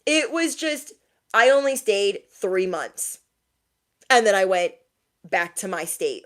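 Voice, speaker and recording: A woman tarot reader giving a casual message to her viewers, chatty and animated, often laughing and repeating lines for emphasis. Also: mid-range voice, takes it slowly, pauses often. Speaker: tarot reader and motivational YouTuber.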